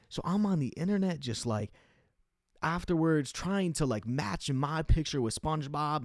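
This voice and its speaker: A man's voice: on the high side, a little mellow, no room sound, clean studio sound. A young man telling a rambling, profane comic story in a casual monologue, full of fillers and restarts.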